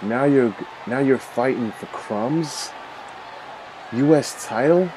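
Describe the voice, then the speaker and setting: A man's voice: mid-range voice, slow, background noise, close to an everyday voice. A man voicing an arrogant male wrestler who mocks and taunts his rival in a game role-play. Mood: taunting. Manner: mocking, taunting.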